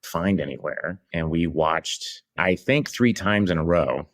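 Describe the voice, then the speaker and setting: A middle-aged actor and comedian telling stories in casual chat, rambling with restarts and laughter. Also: male voice, sits low, measured pace.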